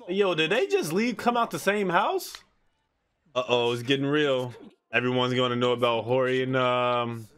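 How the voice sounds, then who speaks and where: A man hosting an anime reaction channel, talking in slangy, excitable casual commentary and laughing often. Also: medium pitch.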